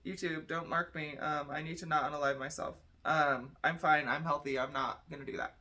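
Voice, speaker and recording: A woman's voice: low voice, fairly even intonation, brisk, few pauses, bright, forceful tone. A tired young woman giving a casual tarot reading, chatty and blunt, swearing freely. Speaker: tarot reader.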